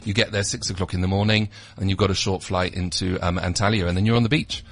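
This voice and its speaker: A man's voice: fairly even intonation, fast, breathy edge. A British man in his thirties, a travel company representative, talking up holiday destinations as a radio studio guest, with lots of ums. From United Kingdom. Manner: enthusiastic salesy pitch with frequent ums. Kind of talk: radio interview.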